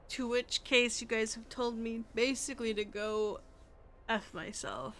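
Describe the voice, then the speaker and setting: A woman's voice: fairly high pitch, fairly even intonation, a little slow, fairly bright tone. A woman livestreamer talking casually to chat, tired from a very long stream, rambling and thinking aloud with many restarts.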